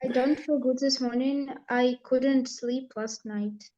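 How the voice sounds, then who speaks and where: A woman's voice: high-pitched, steady tone, slow pace, dark tone, lo-fi sound, a little hiss or hum. A woman, a student reading English exercise sentences aloud in an online class.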